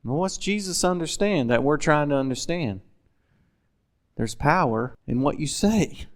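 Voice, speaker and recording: A man's voice: fairly high pitch, animated, measured pace. A man preaching a sermon in a folksy, conversational way, often asking his listeners questions.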